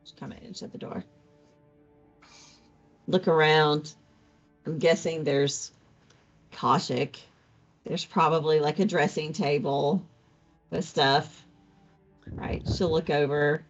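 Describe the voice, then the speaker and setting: A woman's voice: deep voice, steady tone, slow, pauses often. A woman narrating her actions in a tabletop role-playing game, casually thinking aloud. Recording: dull lo-fi recording with faint music.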